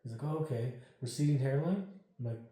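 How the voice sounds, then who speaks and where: A man's voice: medium pitch, fairly quick. A man telling a ghost story as an interview guest, acting out the dialogue and swearing freely. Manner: animated, acts out quoted dialogue, swears freely. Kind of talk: casual storytelling. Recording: very echoey room.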